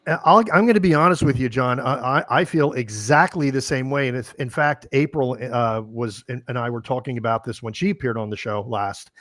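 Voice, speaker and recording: A man hosting a paranormal interview show, chatting eagerly with his guest and talking in quick bursts with restarts. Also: mid-range voice, fairly bright tone, no echo. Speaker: host. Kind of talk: casual interview chat.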